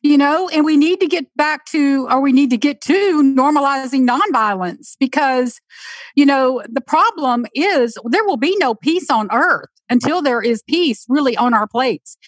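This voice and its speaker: Female host, earnest and empathetic, high voice. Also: animated, a little slow, dry recording. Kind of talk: emotional conversation.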